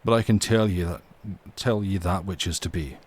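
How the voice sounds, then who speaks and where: A man's voice: low voice, moderate pace, slightly rough. A man voicing a stern, dour ship captain.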